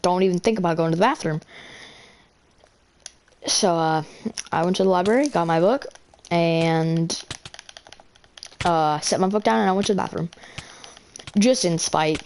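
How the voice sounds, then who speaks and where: A teenage girl with a slightly low voice rambles through a school story between moves in a game. She stumbles over words and restarts constantly, filling gaps with "uh" and "like". It sounds like a casual, unscripted storytime. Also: darkish tone, a little hiss or hum. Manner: rambling, filler-heavy, self-correcting. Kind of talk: casual storytelling while gaming.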